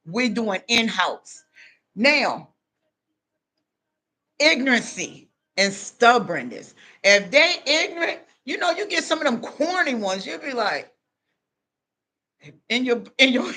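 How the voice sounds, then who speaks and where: A woman, giving a loud, animated motivational talk to her viewers and laughing often. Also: on the high side. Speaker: online talk host.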